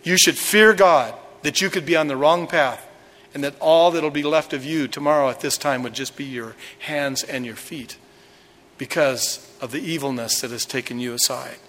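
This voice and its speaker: A man's voice: fairly high pitch, normal speed, a bit bright, long reverb tail. A male pastor preaching a sermon, retelling a story dramatically with acted quotes.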